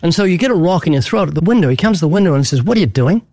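A man with a fairly high voice speaks in an earnest, preaching manner, driving his points home with emphatic storytelling. The sound is dry and close, with no room around it. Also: animated, very fast, darkish tone, no room sound. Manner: emphatic, vivid storytelling with acted-out quotes. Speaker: guest evangelist. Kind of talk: earnest preaching-style interview answers.

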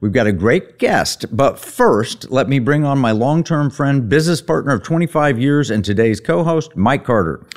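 Radio show host, male, lively and playful, mid-pitched, breezy theatrical patter. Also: moderate pace, hardly any pauses. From Texas. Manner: lively, playful pirate-themed delivery with laughs.

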